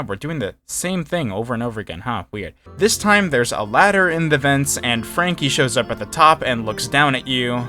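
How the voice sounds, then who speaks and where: Male game reviewer, casual commentary, crisp bright tone, frank opinions softened with hedges, faint music underneath. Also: medium pitch. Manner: candid, opinionated, hedging with "kind of".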